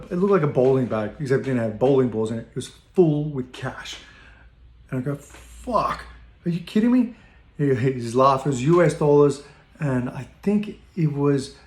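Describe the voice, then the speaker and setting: A man's voice: medium pitch, moderate pace, darkish tone, echoey room. A man telling a casual, rambling anecdote, loose and profane, often laughing at his own story.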